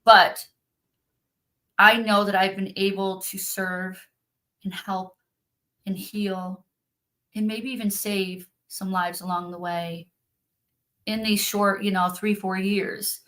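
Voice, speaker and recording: A woman's voice: mid-range voice, little pitch movement, slow pace, long pauses, fairly bright tone. A woman speaking earnestly and from the heart in a casual conversation, as a spiritual practitioner on a video call.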